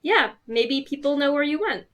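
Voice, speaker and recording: A woman runs a tabletop game in a casual, chatty way and laughs easily. Her voice sits a little high. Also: animated, normal speed, fairly bright tone. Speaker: game master.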